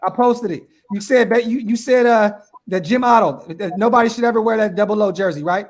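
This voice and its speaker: A man hosting a casual sports chat and reading viewer comments, talking in a relaxed, slangy way. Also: high-pitched, fairly quick. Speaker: host.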